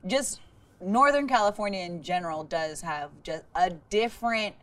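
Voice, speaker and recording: A woman's voice: medium pitch, expressive, normal speed, fairly bright tone, recorded from a distance. Laughing woman co-host, slightly off-mic. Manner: laughing, slangy, emphatic. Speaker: podcast co-host. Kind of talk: casual chat.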